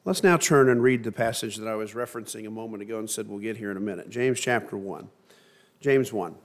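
A middle-aged man preaching a sermon and reading scripture in a measured, emphatic way. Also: on the low side. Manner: measured, emphatic delivery with slow stressed phrases.

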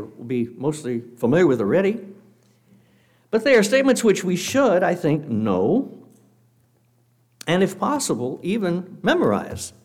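Man preaching with lively pitch. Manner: measured, earnest, reads scripture slowly; guest speaker addressing a congregation. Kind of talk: sermon.

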